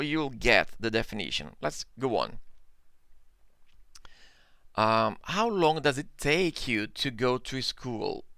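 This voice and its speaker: A Brazilian man teaches English in a live online class, speaking slowly and patiently. His voice is bright and gravelly, with a clear, crisp tone. He repeats his examples and keeps checking in with a quick "okay?". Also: medium pitch, no echo. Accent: Brazilian Portuguese. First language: Portuguese.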